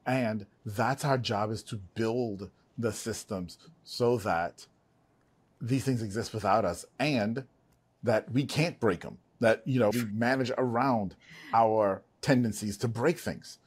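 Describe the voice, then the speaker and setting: A man's voice: on the low side, slow, slightly rough. A middle-aged man hosting a podcast, speaking in an emphatic, folksy way and talking straight to the listeners. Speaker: podcast host. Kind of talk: conversational podcast interview.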